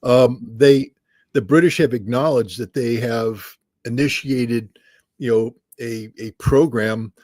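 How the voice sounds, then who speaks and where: A man's voice: medium pitch, slow, a little mellow, no echo, studio quality. A man giving insistent, argumentative commentary as an interview guest, emphatic and driving his points home. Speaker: guest analyst.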